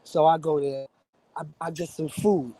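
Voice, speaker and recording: A man's voice: fairly high pitch, normal speed. A man, swearing and acting out the voices in a story as a guest on a live stream. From New York. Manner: profane, animated storyteller who acts out quotes. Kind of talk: casual storytelling chat. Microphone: remote stream call.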